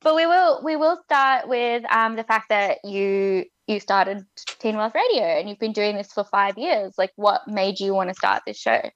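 Fast-chatting woman co-host, dry lo-fi sound. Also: medium pitch, animated, no room sound. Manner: fast, gushing talker. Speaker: co-host, interviewer. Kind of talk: casual interview chat.

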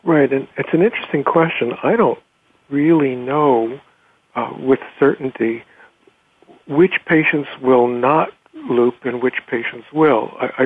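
Reflective male host, phone-thin sound. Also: medium pitch. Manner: reflective, conversational, with hedging fillers. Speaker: interview host, clinician. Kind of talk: interview conversation. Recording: tinny phone-like audio.

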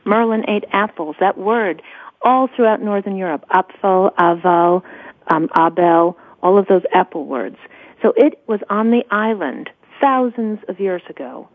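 A woman's voice: mid-range voice, animated, moderate pace, dry recording. Woman author guest, eager explainer, thin phone-line radio sound, dry. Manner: enthusiastic, explanatory. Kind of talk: radio interview.

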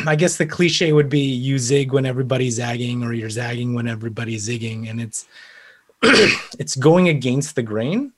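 A man's voice: medium pitch, normal speed. A man speaking as a panel guest in casual, conversational talk, thinking aloud as he goes. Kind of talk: casual chat.

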